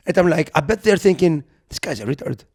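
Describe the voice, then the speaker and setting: A young man co-hosting a podcast, telling an anecdote in casual chat, animated and acting out the quotes, sometimes swearing. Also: a little high, fast, creaky. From Europe. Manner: animated storyteller who acts out quotes, swears. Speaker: podcast co-host.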